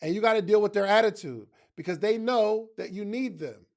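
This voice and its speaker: A man's voice: sits high, fairly quick, gravelly. A man giving a motivational talk in casual slang, emphatic and speaking straight to his listeners, often repeating phrases for effect.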